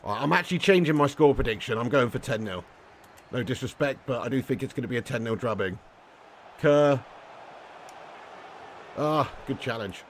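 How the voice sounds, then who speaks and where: In a casual live stream of a football video game, a young man jokes with viewers, cursing and addressing them as "mate" and "legend." He speaks at normal speed in a mid-range voice with lively intonation and frequent pauses, over a faint hiss or hum.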